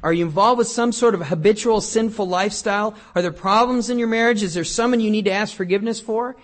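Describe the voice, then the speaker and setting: A middle-aged male pastor preaching a sermon in a conversational, joking way, reading scripture aloud and swinging between loud and quiet. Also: sits high, fast talker.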